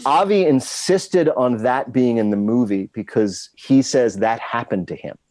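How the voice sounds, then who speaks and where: A man's voice: medium pitch, measured pace, a little mellow, no room sound. A man telling rambling, self-deprecating stories as a guest in a casual interview. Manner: rambling storyteller, self-deprecating, with frequent restarts. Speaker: guest screenwriter.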